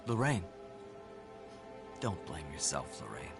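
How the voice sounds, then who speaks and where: A man voicing a calm, soothing park worker in a game. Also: very deep voice, slow, gravelly, music in the background, heavily acted.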